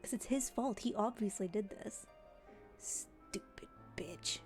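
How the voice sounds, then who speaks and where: A woman's voice: on the high side, moderate pace, dark tone, soft background music. A woman game streamer giving blunt, sweary, chatty commentary while she plays. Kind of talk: casual gameplay commentary.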